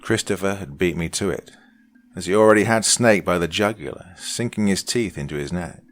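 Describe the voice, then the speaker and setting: A man narrating a scripted horror story with a dark, dramatic reading that drops to hushed lines. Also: deep voice, brisk, soft background music.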